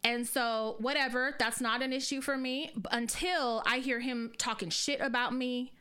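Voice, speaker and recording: A woman with a fairly high, very bright and forceful voice holds forth on a podcast. Her casual storytelling is animated, blunt and full of swearing. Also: moderate pace, clear, resonant tone. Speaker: podcast host. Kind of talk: casual chat.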